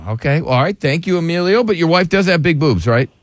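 A male radio host talks with callers from the studio, playful and teasing. His pitch swings up and down with lively energy. The sound is close and dry. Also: fast, no echo. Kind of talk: call-in radio talk.

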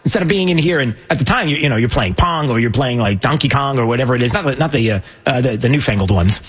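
Man, show host, husky voice, rambling, self-mocking commentary. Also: medium pitch, quick pace, a bit bright. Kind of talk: casual news commentary.

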